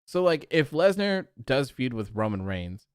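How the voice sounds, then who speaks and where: A man's voice: mid-range voice, a little slow, smooth, no echo, clean studio sound. A young man hosting a live stream, chatting casually and reading out viewer comments, with lots of "like" fillers. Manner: rambling, animated, many "like" fillers.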